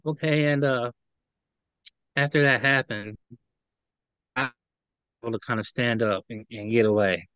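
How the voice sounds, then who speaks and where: Male interview guest, mid-pitched smooth voice, earnest halting testimony. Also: a bit bright, no echo. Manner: earnest, halting, emotional retelling. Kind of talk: personal recollection in an interview.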